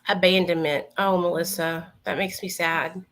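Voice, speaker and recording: A woman's voice: on the low side, steady tone, normal speed, a bit bright. A woman chatting casually with her livestream viewers from home while doing her makeup, calling them honey and baby. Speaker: livestream host.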